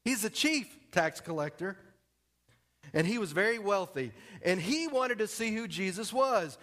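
Joking pastor preaching. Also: male voice, high voice, lively intonation, measured pace. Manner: conversational and joking, drops to quiet emphasis. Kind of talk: sermon.

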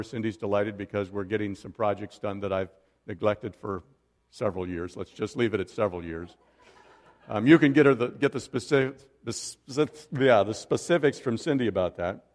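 A middle-aged male pastor delivers a sermon at a middle pitch, talking conversationally and tossing joking asides to the congregation. His voice rings out with a long reverb tail in a church sanctuary. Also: darkish tone.

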